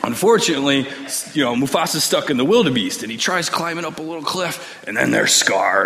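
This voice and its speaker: A man's voice: medium pitch, fairly quick. A man casually and chattily retelling a story during a service in a worship hall. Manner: animated, chatty. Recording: long hall reverb, faint noise.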